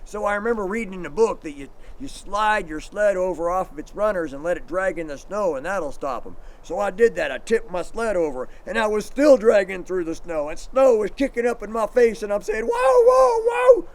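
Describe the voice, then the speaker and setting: Guy teaching kids about sled dogs, voice jumps all over, acts out the yelled commands. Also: high-pitched, a little fast, hardly any pauses. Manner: animated storyteller, acts out shouted commands. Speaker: dog sledding instructor. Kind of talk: outdoor demonstration for kids.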